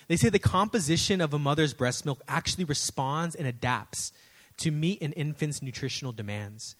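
A man in his thirties preaches, moving through stories about his kids with animated energy and an easy, folksy "y'all." His voice sits a bit higher than most men's. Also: moderate pace. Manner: animated storytelling, addresses audience as y'all. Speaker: pastor. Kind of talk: sermon.

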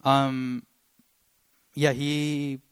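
A young man giving a sermon and sharing a personal story, talking earnestly and haltingly with many pauses, choked up with emotion. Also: mid-range voice, level tone, clear, resonant tone. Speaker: preacher.

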